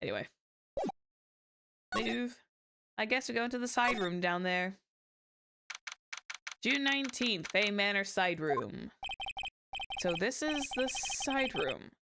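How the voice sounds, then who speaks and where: A woman's voice: medium pitch, sing-song, slow, creaky, pauses often, noisy background. A woman streaming a game, reading its text aloud and chatting with jokey asides. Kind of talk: casual let's-play commentary. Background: game music.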